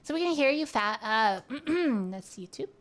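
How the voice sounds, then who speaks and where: Slow-talking playful woman streamer. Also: high voice, animated. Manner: rambling, playful, trails off and restarts. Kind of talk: casual chat. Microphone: close studio mic.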